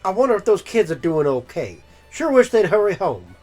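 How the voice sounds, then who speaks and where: A game streamer voicing a fussy, doting mole mother who talks in a high, fretful way. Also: very animated, a little fast, darkish tone, soft background music.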